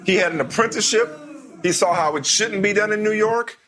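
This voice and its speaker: A man hosting a sports talk show, debating with his co-host in a casual, animated way, often repeating himself as he talks. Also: high voice, brisk, a little hiss or hum.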